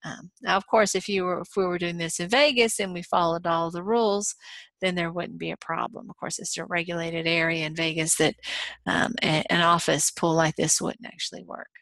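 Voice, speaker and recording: A woman's voice: on the low side, fairly even intonation, normal speed, gravelly, a bit bright, no echo. Chatty middle-aged woman lecturing. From Texas. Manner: chatty, playful, many fillers. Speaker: college instructor. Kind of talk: recorded lecture.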